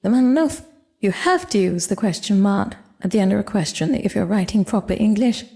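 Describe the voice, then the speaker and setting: A woman teaching a language lesson, explaining step by step in a clear, measured way. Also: mid-range voice, animated, dark tone.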